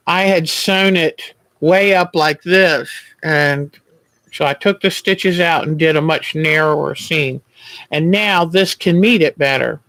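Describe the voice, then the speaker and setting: A man hosting a quilting livestream, chatting gently and reassuringly while he sews at home. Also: fairly high pitch, no echo, rough recording. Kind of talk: casual chat while sewing.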